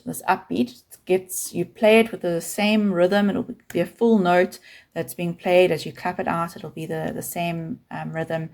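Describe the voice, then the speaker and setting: A woman with a South African accent teaching a keyboard lesson, explaining calmly and patiently, step by step, with faint keyboard notes behind her. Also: fairly low pitch, gravelly. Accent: South African English. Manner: calm, patient, counts beats aloud.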